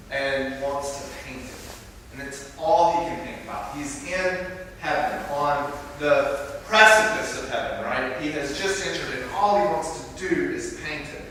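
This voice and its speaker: A man's voice: medium pitch, a bit bright, slight background noise. A man preaching a reflective talk, thoughtful and searching for words, recorded on a distant mic in a large church hall. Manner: thoughtful, with fillers and restarts. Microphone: distant room mic. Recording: echoey hall from far off.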